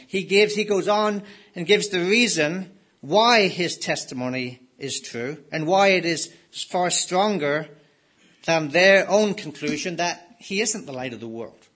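A man's voice: sits high, animated, measured pace, a bit bright. A man preaching a sermon in an emphatic way, repeating key words for stress.

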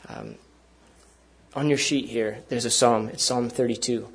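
Husky-voiced man preaching earnestly. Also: medium pitch, steady tone, measured pace. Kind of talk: sermon.

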